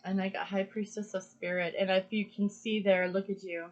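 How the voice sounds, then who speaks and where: A woman's voice: mid-range voice, little pitch movement, normal speed. A woman talks through a pick-a-card reading in an earnest, emphatic way, circling back to the same phrases to drive them home. Her voice sits in a middle register. The recording is dull and lo-fi. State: emotional. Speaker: tarot card reader.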